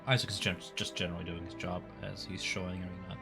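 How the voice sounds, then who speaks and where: Deep-voiced man running a tabletop game. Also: quick pace, vocal fry, music in the background. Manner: relaxed, filler-heavy narration. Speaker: game master.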